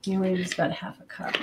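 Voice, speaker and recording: A woman hosting a live cooking demonstration in a home kitchen, chatty and hurried, thinking out loud as she works. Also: mid-range voice, heavy background noise. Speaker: cooking show host. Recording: roomy kitchen with clattering dishes.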